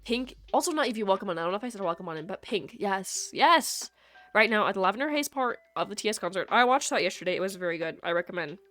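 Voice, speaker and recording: A woman's voice: medium pitch, expressive, fast, a bit bright. A young woman streaming live, chatting casually with her chat and joking and teasing as she goes.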